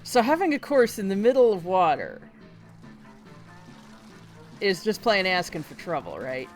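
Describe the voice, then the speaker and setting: Man, reaction commentary, lively swooping pitch, slow drawl, chatty and exclaiming. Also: soft background music. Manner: chatty, exclaiming, laughs often. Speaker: reaction video host. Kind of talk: casual live reaction commentary.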